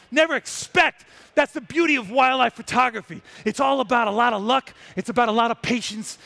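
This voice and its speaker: A wildlife photographer giving an animated live storytelling talk on a trade-show stage, exclaiming dramatically. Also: male voice, high-pitched, creaky.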